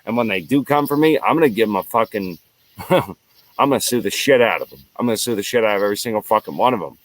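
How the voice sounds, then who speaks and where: Speaking fast in a fairly low, expressive voice, a US man hosting his own show rants angrily by himself. His delivery is profane and heated, with lines repeated again and again.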